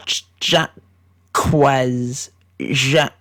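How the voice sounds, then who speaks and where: Deadpan man in a fake American accent. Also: medium pitch, normal speed. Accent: put-on American accent. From Britain. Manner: deadpan, mock-serious, rambling tangents. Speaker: YouTube commentator. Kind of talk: satirical tier-list commentary.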